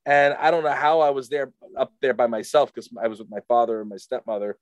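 A man casually telling a rambling, animated story full of fillers to a friend. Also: mid-range voice, fast talker, clear, resonant tone, no echo. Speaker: storyteller in a chat.

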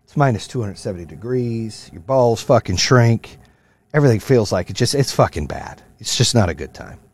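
A man's voice: lively intonation, moderate pace, breathy edge, no room sound. Profane, fired-up male podcast host. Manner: profane, fired-up motivational ranting; swings from loud rants to low, quieter storytelling. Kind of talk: casual monologue.

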